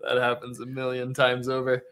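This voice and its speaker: Jokey Canadian man, bright voice. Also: mid-range voice, completely flat delivery, moderate pace, clean tone. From Alberta, Canada. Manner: jokey, friendly, laughs easily. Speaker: podcast co-host. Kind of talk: casual chat.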